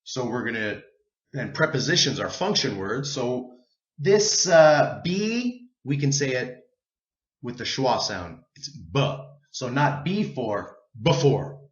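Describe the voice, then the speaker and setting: Guy teaching english pronunciation, super slow and deliberate, bouncy up and down voice, echoey dull-sounding room. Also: medium pitch, animated. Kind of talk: pronunciation lesson.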